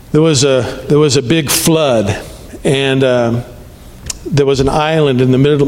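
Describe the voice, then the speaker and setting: A man's voice: medium pitch, in a large hall. A man preaching a sermon as a pastor, talking in a conversational way and checking in with the congregation often.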